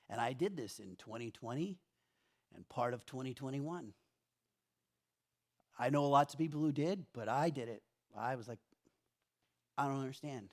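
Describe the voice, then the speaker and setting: A middle-aged man preaching a sermon in a church, telling stories conversationally and acting out his own complaints. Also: medium pitch. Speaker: pastor.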